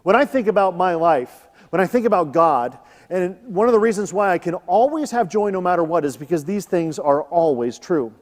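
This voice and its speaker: A man in his thirties preaches in a church, his voice sitting fairly high. He moves between reading scripture and relaxed, joking talk with the congregation. Long reverb from the hall trails after his words. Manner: conversational, joking asides. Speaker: pastor. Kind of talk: sermon.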